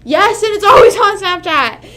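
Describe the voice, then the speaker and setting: Rambling, high-voiced young woman streamer. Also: moderate pace, very noisy. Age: 20s. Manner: rambling, animated, swears often. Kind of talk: casual livestream chat.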